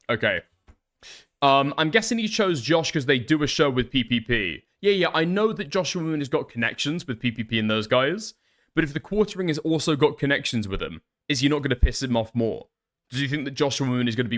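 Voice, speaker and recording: Sarcastic, lively-voiced male streamer. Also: medium pitch. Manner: profane, sarcastic, often laughs and reads messages aloud. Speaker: streamer commenting on online drama. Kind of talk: casual live-stream commentary.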